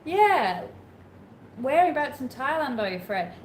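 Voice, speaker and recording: A woman's voice: high-pitched, big pitch swings, a little slow. A woman co-hosting a live travel chat, talking casually with lots of hedging and reading out questions from viewers. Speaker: co-host of a travel livestream. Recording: echoey room with faint background noise.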